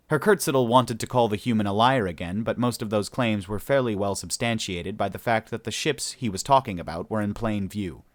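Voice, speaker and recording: A man's voice: on the low side, brisk, hardly any pauses, dry recording. A man narrating a sci-fi story as an audiobook reader, storytelling steadily and voicing each character.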